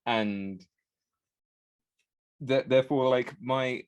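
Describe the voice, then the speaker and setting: A man's voice: mid-range voice, steady tone, extremely slow, clean tone, no room sound. A man from Britain co-hosting a podcast, rambling with many fillers in casual chat. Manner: rambling, hesitant, full of fillers and restarts. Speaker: podcast co-host. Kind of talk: casual round-table chat.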